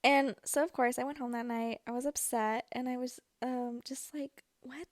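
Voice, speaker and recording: A woman's voice: sits high, moderate pace, no echo, studio quality. Chatty young woman telling a story. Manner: chatty, filler-heavy, animated retelling. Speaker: podcast host. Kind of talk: casual storytelling.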